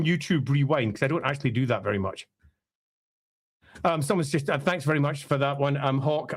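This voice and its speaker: A British man with a husky, mid-range voice chats casually on a live stream while reacting to a trailer, rambling along with friendly asides.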